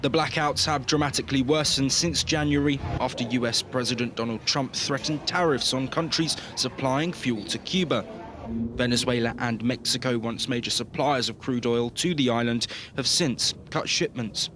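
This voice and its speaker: A man narrating a news report in a measured, formal way. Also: medium pitch, noisy background.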